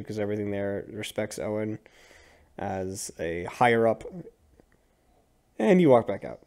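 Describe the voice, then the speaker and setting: A man narrating a tabletop game as game master, loose and halting, with many fillers. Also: lowish voice, gravelly, darkish tone.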